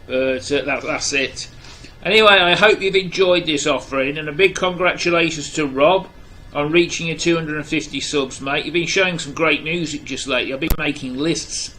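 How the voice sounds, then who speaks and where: An Englishman with an English accent and a fairly high, bright, forceful voice. He talks casually to camera about music, blunt and opinionated, and rambles with lots of fillers and restarts. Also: slight background noise, rough recording. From England. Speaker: music vlogger. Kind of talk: casual video chat to camera.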